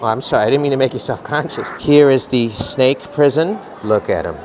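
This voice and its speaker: Frog field reporter, voiced by a man: upbeat, jokey, deadpan asides, faint outdoor hum. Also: mid-range voice, brisk, close to an everyday voice. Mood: chipper. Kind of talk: comedic on-location field report.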